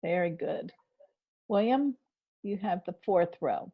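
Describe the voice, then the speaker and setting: A woman teaching a spelling class over a video call. She speaks slowly and gently, with a slightly low voice, encouraging her students and describing each step she takes on screen. The call audio is a bit dull. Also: expressive. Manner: patient, encouraging, narrates her screen actions. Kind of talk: online class lesson.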